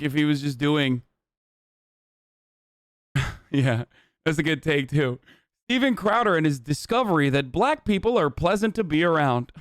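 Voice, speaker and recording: A man's voice: on the high side, a bit bright, clear, resonant tone, no echo, clean studio sound. A man streaming live on a desk microphone, reacting to a video with blunt, profane, exasperated commentary.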